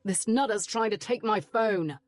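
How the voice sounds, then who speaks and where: A woman's voice: mid-range voice, unhurried, natural voice. A woman doing an indignant English man. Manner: indignant, defensive. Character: irritated young English man in a café.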